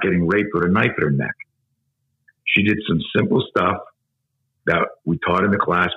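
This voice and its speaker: A man's voice: deep voice, lo-fi sound. A middle-aged man who teaches self-defense, a podcast guest telling a story with emphasis and plenty of swearing. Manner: emphatic, profane, vivid storyteller. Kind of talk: intense storytelling in a podcast interview.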